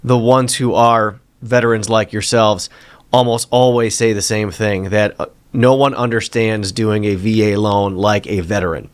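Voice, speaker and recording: Male podcast host, lowish voice, dry close sound, easygoing questioner. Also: steady tone, clear, resonant tone, no room sound. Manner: conversational, lightly halting questions. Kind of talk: interview questions.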